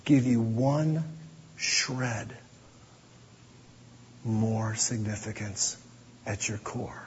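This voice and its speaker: A man preaching a sermon as pastor, earnest, dropping to a hush to press his points. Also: on the low side, very slow, a little hiss or hum. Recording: dull audio with long hall reverb.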